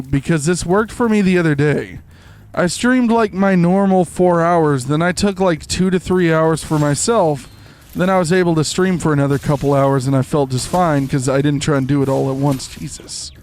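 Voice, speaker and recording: A man's voice: fairly high pitch, moderate pace, darkish tone. A young man chatting casually to his viewers while live-streaming a game, rambling with lots of fillers. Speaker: livestreamer. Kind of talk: casual chat while gaming.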